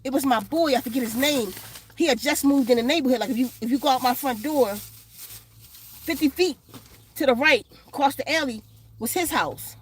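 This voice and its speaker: A woman's voice: high voice, moderate pace, slight background noise. A woman vlogger telling a story in casual, blunt, profane street slang, outdoors in the sun.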